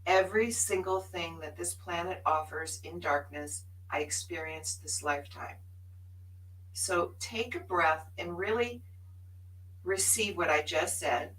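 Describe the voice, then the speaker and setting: A woman speaks in a heartfelt, emphatic way, sharing her spiritual journey on a live show. Her voice is bright and forceful and sits a little low for a woman. She sounds somewhat distant from the microphone. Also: unhurried. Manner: earnest and emphatic, laughs often.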